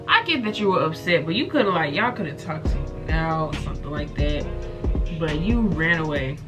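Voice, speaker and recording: A woman's voice: low voice, animated, moderate pace. A woman hosting a reaction video, making chatty, incredulous asides. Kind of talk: casual reaction commentary. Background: background music.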